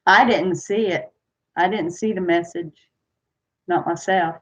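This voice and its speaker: On a dull, lo-fi stream, a woman hosts casual trivia, reading questions, chatting with viewers and laughing frequently. Her voice is fairly low and a bit bright, with a steady tone and a slightly slow pace.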